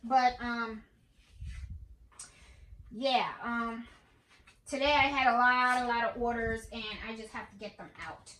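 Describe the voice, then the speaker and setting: A woman's voice: a little high, fairly even intonation, a little slow, pauses often, fairly bright tone. A woman hosting a casual crafting how-to vlog from her home craft room, chatting to viewers and often checking in with an "okay?". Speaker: crafting channel host. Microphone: camera on a tripod. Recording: echoey room, faint noise.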